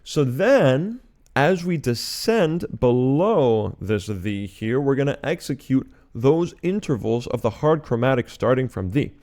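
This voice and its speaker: A man's voice: medium pitch, animated, measured pace, a little mellow. A man giving a chant lesson, patiently explaining the scale and singing the note names. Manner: patient, methodical explanation, breaking into sung syllables. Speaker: chant teacher.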